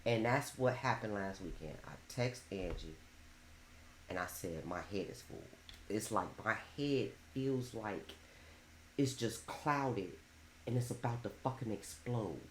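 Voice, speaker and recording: A woman with a very deep voice speaks at a measured pace in a reverberant recording with a little hiss or hum. Sitting on a bed with others in a bedroom, she tells her story bluntly and animatedly in a candid group chat about mental health, swearing freely.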